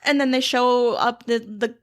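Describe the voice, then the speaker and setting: A woman's voice: a little high, unhurried. A young woman hosting a podcast, chatting casually and acting out lines from a show. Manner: animated, acts out quotes from the show. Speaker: podcast host. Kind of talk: casual chat.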